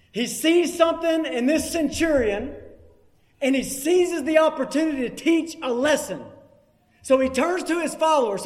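A man preaching a sermon, emphatic and repeating key phrases for weight. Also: very high voice. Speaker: pastor. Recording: long hall reverb.

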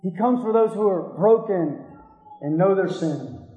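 A man's voice: high-pitched, animated, unhurried, mellow. A man preaching a sermon, earnest and confronting, who keeps pressing his listeners with rhetorical questions. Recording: echoey hall.

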